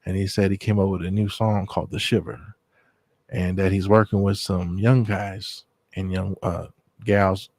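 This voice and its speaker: A man with a low, gravelly voice tells stories from his own life in a relaxed, meandering way. He often trails into fillers and restarts his sentences. The sound is dry and close, with no room around it. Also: normal speed, dry recording. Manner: laid-back and rambling, with many fillers and restarts. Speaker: storyteller recounting memories. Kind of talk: casual spoken storytelling.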